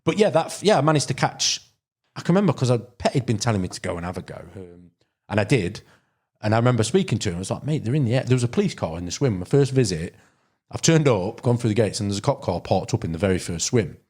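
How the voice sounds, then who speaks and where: A podcast guest from Derbyshire, England, who angles for carp, chats casually through long, rambling fishing stories peppered with restarts and fillers. His fairly low voice is sing-song, a little mellow, and slightly rough, and he speaks fast.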